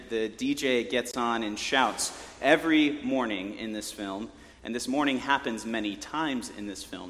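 Male preacher, chatty sermon, mid-pitched voice, long church reverb. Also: a bit bright. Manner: conversational, joking asides. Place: church sanctuary.

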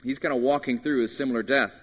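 A man, a pastor, preaching a sermon in an animated way, swinging between hushed and loud moments, with jokey asides. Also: mid-range voice, fast, husky. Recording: dull sound with long reverb in a large hall.

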